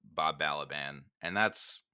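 A man's voice: a bass voice, takes it slowly, sharp tone, smooth. A man in a casual film chat, joking around, swearing freely and laughing often. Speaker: podcast co-host.

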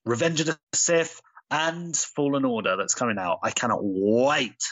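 A man's voice: medium pitch, lively intonation, normal speed, a bit bright, no echo, dull audio. A man co-hosting a podcast, chatting with enthusiasm and lots of fillers. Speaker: podcast co-host. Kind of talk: casual chat.

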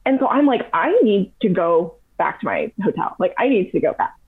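A young adult woman telling a long story in casual, animated chat, full of fillers. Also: on the low side, normal speed, slightly rough. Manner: chatty, animated, heavy use of "like". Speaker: podcast guest. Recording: tinny phone-like audio.

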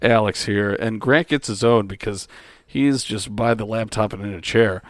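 A man's voice: fairly low pitch, normal speed, dry recording, clean studio sound. A young man co-hosting a casual podcast in a friend's house, rambling and swearing with frequent restarts while sharing one microphone. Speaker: podcast co-host. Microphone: shared microphone.

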